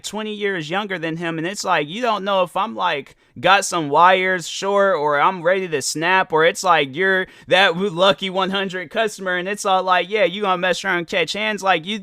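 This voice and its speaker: A man's voice: high voice, bright, forceful tone, no echo, studio quality. A young adult man hosting a podcast, telling a casual story and acting out both sides of the dialogue. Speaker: podcast host.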